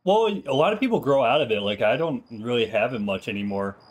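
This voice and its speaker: A man's voice: mid-range voice, animated, fast, husky. Rambling man with a slight Minnesotan accent. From Minnesota, USA. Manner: loose, rambling, profane banter. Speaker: streamer, former Marine. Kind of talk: casual gaming chat on stream.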